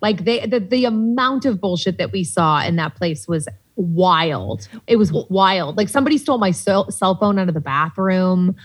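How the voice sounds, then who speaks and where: Female guest, husky, casual storyteller, salty and animated, filler-heavy delivery. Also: fairly low pitch, moderate pace, hardly any pauses. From Boston, USA. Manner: animated, swears freely, many "like" fillers. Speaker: podcast guest.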